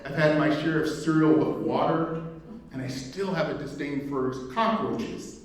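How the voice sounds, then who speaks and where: A man's voice: a little high, a little slow. A man from Indiana giving a keynote speech as executive director, conversational and humorous, telling personal stories and asking the audience questions. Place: event hall. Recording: echoey hall, mic far off.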